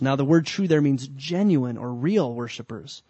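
A man preaching a sermon in a conversational way, with emphatic bursts and slow, drawn-out lines. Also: mid-range voice, expressive, dark tone, slightly rough, dry recording, dull audio. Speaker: pastor.

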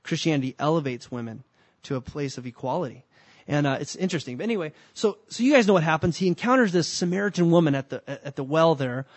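A male pastor with a slightly raised voice preaches a sermon in a conversational style, swinging between emphatic rising bursts and slow, deliberate phrases. The sound is close and dry, without room echo. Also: a little high, lively intonation.

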